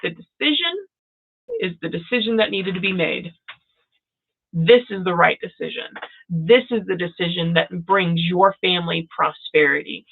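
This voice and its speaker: A woman reading tarot cards for viewers on a live stream, excitable and gushing, calling people by name. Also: fairly low pitch, normal speed, gravelly, slightly rough, phone-quality sound. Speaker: tarot reader.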